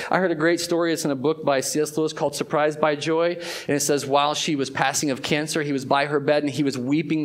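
A pastor giving a conversational sermon to his church, moving between loud emphasis and hushed, drawn-out phrases. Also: fairly high pitch, steady tone.

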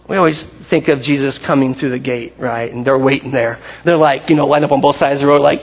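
A man preaching a sermon in a lively, conversational way, to his congregation in a church. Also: a little high, fairly quick, slightly rough. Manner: animated, conversational, acts out crowd shouts. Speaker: pastor. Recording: dull recording with long hall reverb.

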